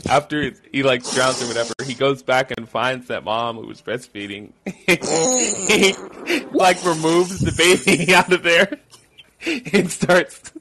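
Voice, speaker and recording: A man's voice: fairly high pitch, fairly even intonation, measured pace, sharp tone, a little hiss or hum. A man hosting a podcast in casual chat, swearing freely and laughing often as he retells scenes. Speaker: podcast host.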